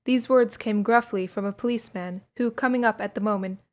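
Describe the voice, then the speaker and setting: A young woman narrating an audiobook of a 19th-century adventure tale. She reads at a measured pace in a clear, mid-pitched voice, keeping the storytelling steady. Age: young adult. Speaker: audiobook reader.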